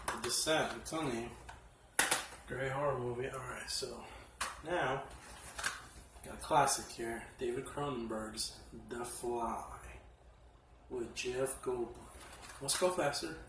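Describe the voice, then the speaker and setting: A man casually reviewing horror films from his collection, excitable and profane, often laughing as he talks. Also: mid-range voice, takes it slowly, long pauses, noisy background. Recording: echoey room, mic at a distance.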